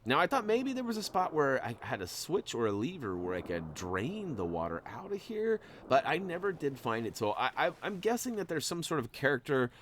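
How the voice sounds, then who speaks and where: A man's voice: mid-range voice, sing-song, fairly quick, few pauses, a bit bright, slight background noise. A man hosting a gameplay walkthrough, talking in a playful, jokey, chatty way. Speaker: gaming channel host.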